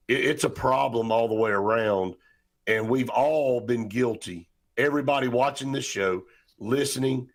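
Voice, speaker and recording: A man hosting a sports talk show, rambling with many restarts and fillers. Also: mid-range voice.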